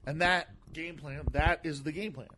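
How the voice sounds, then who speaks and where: A man guesting on a podcast as a comedian, talking casually with a gentle voice that sounds softer than his looks, often repeating words and restarting sentences. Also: a little high, fairly even intonation, normal speed, slight background noise.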